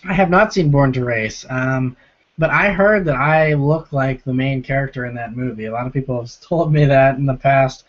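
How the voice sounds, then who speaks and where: A hoarse young man with a sore, rough throat hosting a casual live-stream Q&A from home, chatting as he reads out and answers viewer comments. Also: medium pitch, moderate pace. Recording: lo-fi stream audio.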